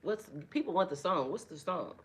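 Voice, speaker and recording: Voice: medium pitch, animated, normal speed, a bit bright. A spiritual tarot reader giving a casual live reading, chatty and profane, greeting viewers by name.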